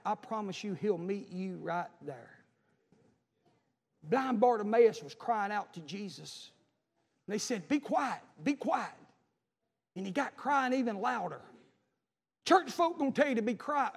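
A male preacher with a strikingly high voice delivers a fervent sermon. He swings between shouted peaks and quiet, pleading passages. The sanctuary's long reverb carries every word. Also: creaky, breathy edge. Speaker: pastor. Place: church sanctuary.

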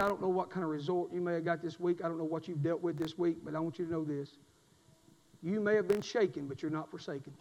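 A high-pitched preacher with a gravelly, fry-edged voice, delivering an impassioned sermon. He drops low and soft, then surges loud and emphatic. His words ring with the long reverb of a big church hall. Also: highs cut off. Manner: emphatic Southern preaching, swings from quiet to loud. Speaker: pastor. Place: church sanctuary.

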